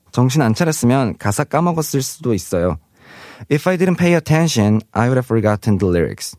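Fast-talking man teaching Korean words. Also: medium pitch, a little mellow, no room sound, studio quality. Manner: reads example sentences aloud, then translates them. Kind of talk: explaining vocabulary.

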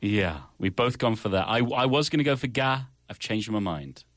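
A man's voice: lowish voice, normal speed, no echo, studio quality. Playful male morning radio host. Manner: playful, deadpan joking. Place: radio studio. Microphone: studio microphone.

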